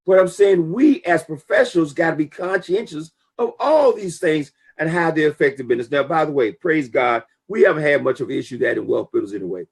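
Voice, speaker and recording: A man with a gravelly, slightly husky voice that sits a bit high for a man. He talks in a casual, emphatic, preachy way and tells lively stories as he gives business advice. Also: fairly quick, few pauses. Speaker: network marketing talk show guest. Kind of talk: casual motivational talk.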